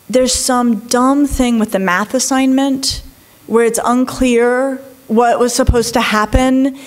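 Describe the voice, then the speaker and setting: A woman in her forties with a slightly high voice tells a story to a live audience. She is animated and chatty, dropping into quick impressions of the people in her story and breaking off for asides. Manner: animated, acts out quoted voices, many asides. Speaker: child psychologist and speaker.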